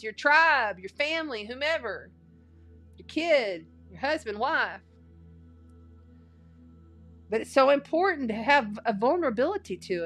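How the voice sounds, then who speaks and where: A woman's voice: fairly high pitch, fairly bright tone. A woman giving a casual spiritual tarot and astrology reading, chatty and folksy, repeating phrases for emphasis.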